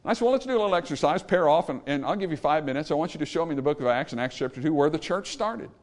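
A man delivering a Baptist sermon with a fairly high voice that rises and falls all over the place. He drives each point home loudly, then lets line endings sink low and quiet, and he calls out for amens from the congregation. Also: expressive, very fast. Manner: emphatic preaching, rising to loud peaks then dropping low. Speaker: Baptist pastor.

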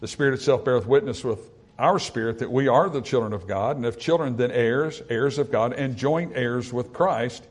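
Reading scripture aloud, a preacher explains it in plain, conversational asides with fillers, letting passages build through repetition and rising emphasis. He speaks at a moderate pace with a husky, medium-pitched voice.

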